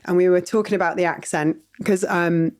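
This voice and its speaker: A woman hosting a podcast, bubbly and quick to laugh at herself in casual chat. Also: fairly low pitch, fairly even intonation, darkish tone. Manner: bubbly, giggly, self-mocking. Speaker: podcast host.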